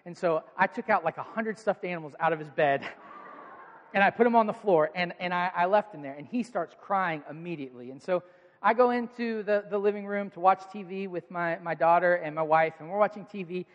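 Here the pastor, a man in his thirties whose voice sits high, preaches fairly quickly, relating family anecdotes in an earnest, chatty manner. The highs are cut off in this recording from a church auditorium with an audience, which has a long hall reverb.

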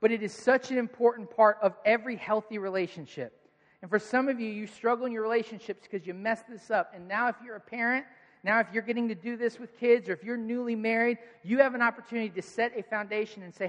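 A man's voice: high-pitched, steady tone, fast talker, dull audio. A man in his thirties preaching a sermon, telling family stories in an earnest, conversational way. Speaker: pastor. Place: church auditorium with audience. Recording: long hall reverb.

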